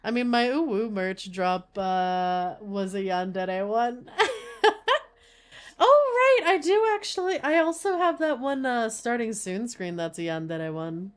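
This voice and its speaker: A woman's voice: mid-range voice, animated, measured pace, few pauses, smooth. A woman chatting casually as she streams a game, rambling with lots of filler words.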